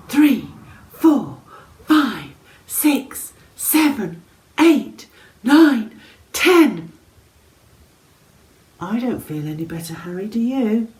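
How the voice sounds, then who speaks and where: A woman presenting a story and song for young children, playful and animated, often dropping to a whisper. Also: mid-range voice, poor audio. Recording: faint instrumental music behind.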